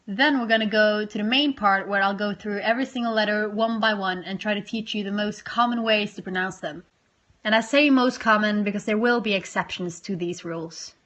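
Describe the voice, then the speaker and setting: A woman's voice: mid-range voice, a bit bright. Chatty young woman teaching. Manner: chatty, self-deprecating, slows down to demonstrate sounds. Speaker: language teacher. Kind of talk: casual explanatory lesson.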